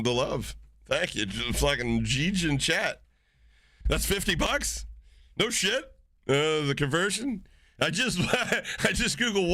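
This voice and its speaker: A man streaming live, chatting casually with his viewers, swearing freely and getting excited as he reacts to chat. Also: on the high side, no room sound, clean studio sound.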